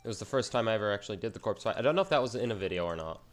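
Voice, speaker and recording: A man's voice: fairly low pitch, expressive, very fast. A man giving casual, rambling commentary over his own gameplay, self-mocking and slangy as he plays. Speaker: gaming channel host.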